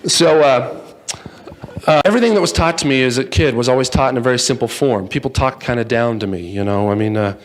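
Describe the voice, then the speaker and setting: Brief: a man as speaker telling a joking story, lively and playful. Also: medium pitch, brisk. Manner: playful, acts out voices, jokes with the audience. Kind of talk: humorous storytelling talk. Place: in front of a live audience.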